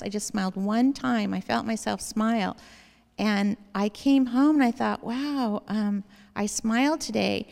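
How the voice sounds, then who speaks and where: Earnest woman with a gravelly voice in a hall. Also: medium pitch, darkish tone. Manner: earnest, rambling storytelling. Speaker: speaker giving a personal testimony. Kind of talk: personal faith testimony to an audience. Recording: long hall reverb.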